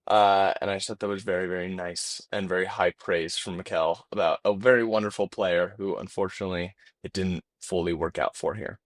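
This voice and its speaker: A man's voice: sits low, steady tone, brisk, hardly any pauses, no room sound, studio quality. A man co-hosting a casual football podcast, speaking earnestly with plenty of fillers. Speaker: podcast co-host.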